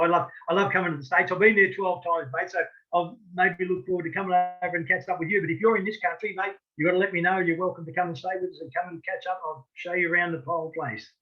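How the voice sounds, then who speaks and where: Australian male guest, slightly high voice, friendly rambler, dull lo-fi phone sound. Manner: friendly, rambling, many restarts, says mate. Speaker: boxing referee, guest. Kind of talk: casual interview chat.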